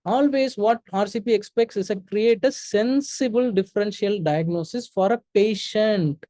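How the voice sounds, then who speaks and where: A man's voice: high voice, moderate pace, dark tone, no room sound. A man giving a spoken lecture as a medical exam tutor, emphatic and direct, often checking in with his listeners and repeating key warnings. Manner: emphatic, direct, checks in with "okay?" and "all right?".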